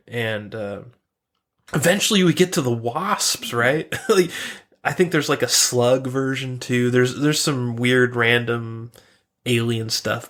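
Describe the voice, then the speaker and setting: A man's voice: mid-range voice, fairly bright tone. Rambling, swearing male podcast co-host. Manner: rambling storyteller, swears freely, many fillers. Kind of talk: casual review chat.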